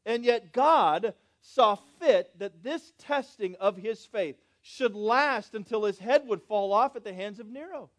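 In an animated, unhurried sermon with hardly any pauses, a high-voiced pastor surges into loud, stretched words and then sinks to soft, low asides. He keeps questioning his congregation and invites them to speak lines with him.

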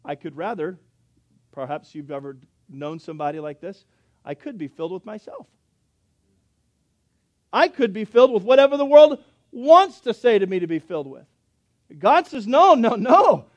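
A high-voiced man in his thirties preaches a sermon as pastor. He drops into quiet, confiding asides and then climbs into loud, emphatic preaching. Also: animated, moderate pace, pauses often.

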